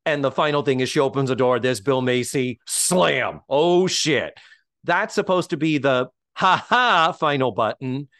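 Animated podcast host, a man. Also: medium pitch, normal speed, hardly any pauses, dry recording, clean studio sound. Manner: animated, acts out quotes, swears casually. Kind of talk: casual chat.

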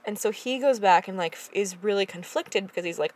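A woman in casual conversation, speaking in a relaxed way with many fillers and short agreements. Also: mid-range voice, fairly quick. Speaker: podcast co-host. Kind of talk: casual chat.

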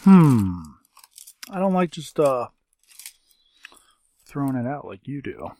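Dry, deliberate male podcast co-host. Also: mid-range voice, sing-song, dark tone. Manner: deliberate, dry teasing, drawn-out pauses. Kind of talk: casual chat.

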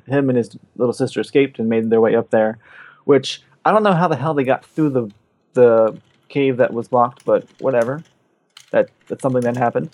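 A man's voice: mid-range voice, darkish tone, no echo. A man chatting on a podcast, recapping a game in a loose, rambling way with plenty of swearing. His voice sits in the middle range. It is recorded close and dry, with no room sound. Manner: rambling, profane, does quick character voices in quotes. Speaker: podcast co-host. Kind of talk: casual chat, retelling a game's story.

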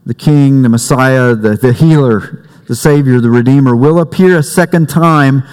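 A man preaching a sermon as pastor, conversational and warm-humored, with family stories. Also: medium pitch, normal speed, smooth. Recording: long reverb in a church hall.

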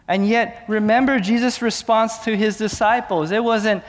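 A man preaching a sermon as pastor, moving between hushed, slow passages and raised, urgent questions. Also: high-pitched, long reverb tail.

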